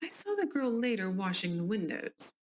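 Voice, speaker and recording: A woman's voice: mid-range voice, sing-song, normal speed, a little hiss or hum, close to an everyday voice. A woman with a Southern US accent reading the testimony of an older woman neighbor at an inquest, plainly and politely.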